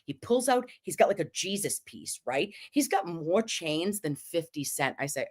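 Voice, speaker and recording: Animated, swearing New woman storyteller. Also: on the low side. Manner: animated, profane, quick asides and laughter. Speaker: livestream host. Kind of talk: casual storytelling chat.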